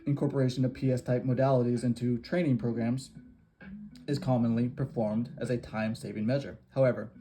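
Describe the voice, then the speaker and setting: A man reading an academic research paper aloud in a steady, measured way, with small slips and restarts. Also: medium pitch. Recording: guitar music playing behind the voice.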